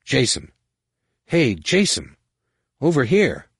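A man's voice: medium pitch, wildly swooping pitch, slow pace, vocal fry, fairly bright tone, husky, dry recording, clean studio sound, voice pushed up, heavily acted. A man voicing an eager young man who keeps urging his older brother to follow him. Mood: urgent coaxing. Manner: urgent, coaxing.

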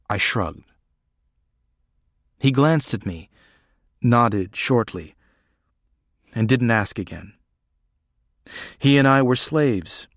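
A man narrating an audiobook in a measured, even way. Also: medium pitch, dry recording, studio quality.

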